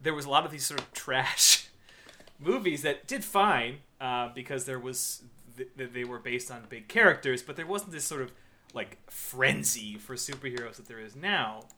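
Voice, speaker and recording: A man co-hosting a casual podcast, excitable, laughing a lot and swearing freely. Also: mid-range voice, normal speed, a little hiss or hum. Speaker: podcast co-host.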